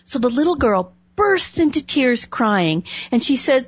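A woman hosting a conversational interview, an animated storyteller who laughs often. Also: high voice, a little slow, hardly any pauses, breathy edge, no room sound, dull audio. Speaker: host.

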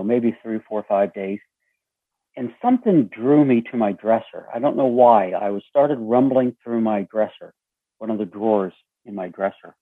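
A man with a raspy voice telling a story as an interview guest, acting out the dialogue with lively shifts. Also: medium pitch, no room sound. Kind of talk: storytelling conversation. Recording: tinny phone line.

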